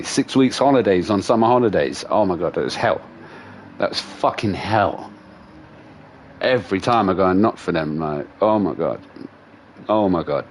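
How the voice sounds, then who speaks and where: A man's voice: sits low, a little hiss or hum. A man, a gaming streamer telling stories in a casual, profane rant and laughing along the way. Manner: profane, animated storyteller.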